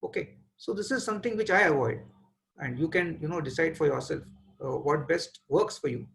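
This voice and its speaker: A man in his forties with an Indian English accent, giving a webinar lecture as a trial lawyer, measured and pausing often with "uh" as he thinks aloud over a video call mic. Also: fairly high pitch, vocal fry, fairly bright tone, slight background noise, rough recording.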